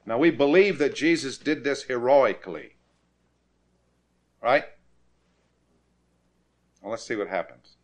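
A male preacher leads his listeners through scripture and calls on them to read aloud. He talks in a plain middle register, and he builds to forceful, repeated declarations when he drives a point home. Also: medium pitch, expressive, slow, long pauses. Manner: emphatic, rises to forceful repetition. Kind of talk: sermon.

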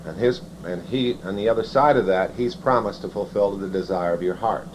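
A man preaching a sermon, reading scripture slowly and then explaining it in halting, self-correcting phrases. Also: on the low side. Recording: dull lo-fi sound with faint noise.

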